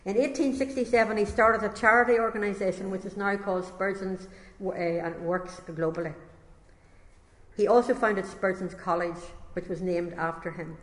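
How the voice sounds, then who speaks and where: A woman's voice: medium pitch, steady tone, normal speed. A woman preacher reads a testimony aloud and steps out of the text now and then for casual asides to her listeners. Her voice sits in the middle of the range and carries a long, roomy reverb. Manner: conversational asides between passages read aloud. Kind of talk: sermon with read-aloud testimony. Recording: echoey hall reverb.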